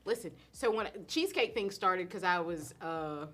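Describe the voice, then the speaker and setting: A middle-aged woman, chatting casually on a live stream as a host and cook, animated and laughing often. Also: lowish voice, normal speed. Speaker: host and cook answering viewer questions.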